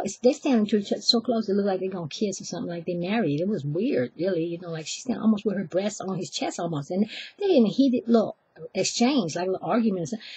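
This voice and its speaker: Husky woman telling a story. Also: mid-range voice, dry recording. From Oakland, California. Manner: chatty, animated, acts out voices, self-deprecating asides. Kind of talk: live personal storytelling.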